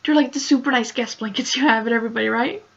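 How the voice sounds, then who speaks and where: Upset young woman vlogging, gravelly voice. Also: a little high, racing, a bit bright, dull audio. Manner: emotional, rambling, many "like" fillers. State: upset, close to tears. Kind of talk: casual storytelling vlog.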